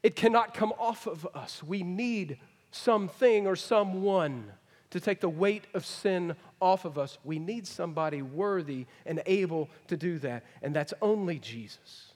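A middle-aged man preaching a folksy sermon, swinging from emphatic to hushed. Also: high-pitched, unhurried. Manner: folksy, rising to emphatic then dropping to hushed. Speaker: pastor. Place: large church hall. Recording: long hall reverb. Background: congregation.

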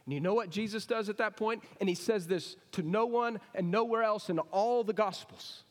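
A pastor preaching, his voice sitting a touch high for a man. He keeps it conversational and keeps asking the congregation questions. The sound carries the long reverb of a church hall. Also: normal speed. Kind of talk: sermon. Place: church sanctuary.

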